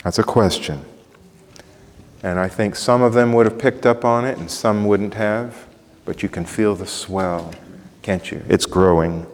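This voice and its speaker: A man's voice: on the low side, a little slow, in a large hall. A man preaching a sermon, emphatic and building in intensity through repetition. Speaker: pastor.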